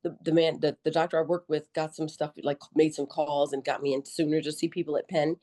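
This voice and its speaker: A middle-aged woman as a podcast guest, telling her story in a lively, joking, colloquial way and acting out her own quotes. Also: low voice, fairly quick. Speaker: podcast guest, army veteran nurse. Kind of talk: conversational interview storytelling.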